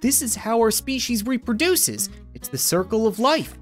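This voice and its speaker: A woman voicing an eerie little food creature in a game who speaks slowly and ominously. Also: fairly high pitch, big pitch swings, faint music behind, pitched above the performer's own voice.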